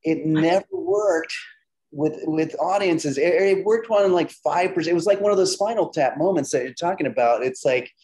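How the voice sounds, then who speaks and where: This is a middle-aged man's voice, a little high and at normal speed, captured on a low-quality recording. A comedian and filmmaker, he tells stories in a casual interview with lots of animation, voicing the dialogue of the people involved and restarting often.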